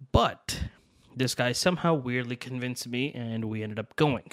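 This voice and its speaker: A young man in casual podcast chat, spinning a story with lively energy and acting out each person's lines. His voice sits at a middle pitch. The sound is dry and close, with no room around it. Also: fast, dry recording. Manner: animated, acts out quotes with swearing and laughs. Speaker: podcast co-host.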